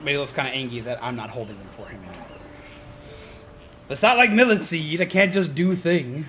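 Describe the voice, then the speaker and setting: A man's voice: fairly high pitch, lively intonation, fairly quick, pushed and bright, slight background noise. A man streaming a game in casual, goofy chat, who also talks to his pet bird. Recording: game music playing under the voice.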